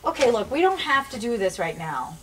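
A woman with a high voice that swoops up and down, talking outdoors. She runs lines for a play and is easily exasperated, laughing often. A faint hiss sits behind her. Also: sing-song, a little fast, fairly bright tone. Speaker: actress running lines. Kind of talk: comedy sketch.

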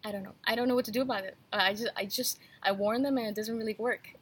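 A woman with a somewhat high, husky voice delivers a casual rant to her audience. She talks frankly and emphatically, rambling at times, and sounds slightly feverish. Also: fairly even intonation, very fast, fairly bright tone. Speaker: YouTube host.

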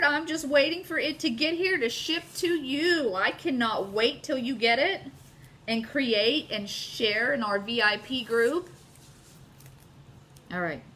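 A middle-aged woman leads a casual live craft demo from her home, gushing over her work. She talks straight to her viewers in a chatty, excited way. Her voice sits a bit high. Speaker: craft video host.

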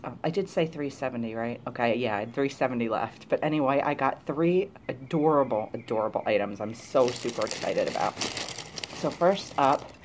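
Gushing low-voiced woman vlogger. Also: slight background noise. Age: adult, grown woman. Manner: gushing, chatty, excited about cute things. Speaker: YouTuber showing a shopping haul. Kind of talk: casual chat to camera.

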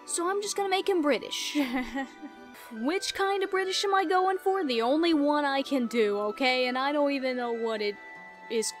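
A woman's voice: high voice, moderate pace, soft background music. A woman hosting a casual game playthrough, playful and self-mocking, with giggly asides. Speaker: gaming video host.

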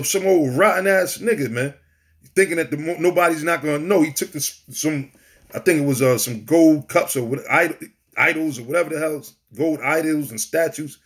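A man's voice: on the high side, normal speed. Blunt, defiant street preacher man. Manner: blunt, profane and defiant, preaching with scripture quotes. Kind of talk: profane street sermon.

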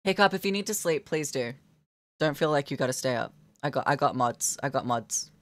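A woman's voice: very deep voice, lively intonation, fairly quick. A young woman live-streaming as she draws, chatting playfully with her viewers and giggling often. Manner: playful, giggly, talks to chat. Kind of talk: casual live-stream chat while drawing.

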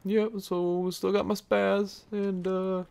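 A man voicing a dull male gameplay commentator who narrates slowly, full of "uh"s. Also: sits high, level tone, gravelly, a little mellow, smooth, voice pushed up, exaggerated voice. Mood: droning. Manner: slow, halting, filler-laden narration.

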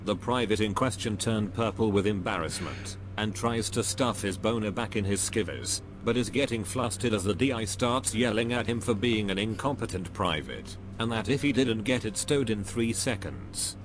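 A man reading out anecdotes as a narrator, with an expressive storytelling delivery. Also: fairly low pitch, moderate pace. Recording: steady hum under the voice.

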